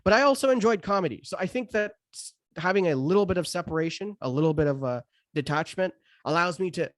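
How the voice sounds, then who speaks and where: A man's voice: high-pitched, expressive, quick pace, no room sound, clean studio sound. A man in his thirties from the United States, a stand-up comedian talking casually on a podcast with frequent restarts and fillers. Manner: hesitant, many restarts and fillers.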